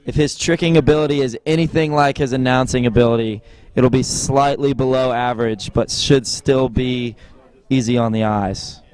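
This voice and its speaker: A man's voice: mid-range voice, normal speed, smooth. A man giving joking live commentary on a water ski tournament, with a wry, teasing delivery. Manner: wry, teasing, deadpan jokes.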